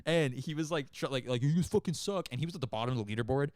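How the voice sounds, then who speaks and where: A man's voice: medium pitch, racing, no echo, studio quality. A man co-hosting a live podcast, telling profane stories with a lot of laughter and acting out the other people's lines. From Hispanic background. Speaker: podcast co-host. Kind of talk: casual chat, storytelling.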